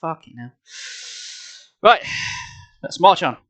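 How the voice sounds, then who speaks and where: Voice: medium pitch, animated, slow, fairly bright tone, dry recording, muffled recording. A streamer chatting casually and swearing freely with viewers between chapters of a live reading, on a headset. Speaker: streamer reading a book aloud.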